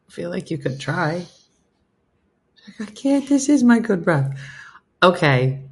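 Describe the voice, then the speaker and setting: A middle-aged American woman hosting a casual morning live stream, chatting and rambling to her viewers in a self-deprecating way. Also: low voice.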